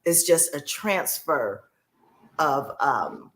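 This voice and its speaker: A woman's voice: low voice, lively intonation, extremely slow, fairly bright tone. A woman guest on a podcast, telling a personal caregiving story in a heartfelt way and repeating key phrases for emphasis.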